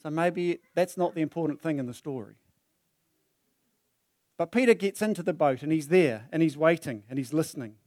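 A man preaches a sermon, acting out the story with plenty of energy and his voice rising and falling. His voice sits slightly high for a man. The sound is close and dry, picked up on a microphone. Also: moderate pace, no room sound. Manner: animated, dramatizing the story with voices. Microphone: handheld or stand mic.

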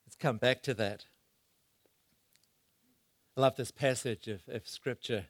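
A man preaching a sermon, swinging between loud bursts and hushed asides as he asks the congregation questions. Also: mid-range voice, a little slow, dry recording.

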